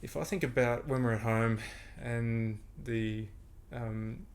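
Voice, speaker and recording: A man hosting a podcast, explaining ideas in a relaxed, conversational way and laughing often. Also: mid-range voice, takes it slowly. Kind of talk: casual conversation.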